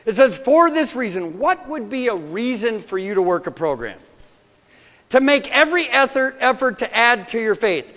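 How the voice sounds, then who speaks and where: A male pastor with a very high, fairly bright voice preaches a sermon in a passionate yet conversational style, often restarting his sentences. The recording has a long hall reverb.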